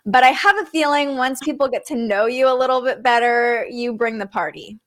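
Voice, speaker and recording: A woman's voice: a little high, fairly quick. A woman hosting a spiritual interview livestream, upbeat and enthusiastic, in her thirties. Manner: bubbly, enthusiastic. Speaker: host.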